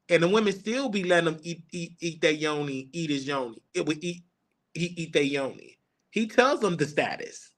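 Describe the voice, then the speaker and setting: A man's voice: sits high, pushed and bright. A man in his thirties hosting a live Q&A, talking candidly about his own life. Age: 30s. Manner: candid, confiding, personal storytelling. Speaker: show host. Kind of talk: live Q&A chat.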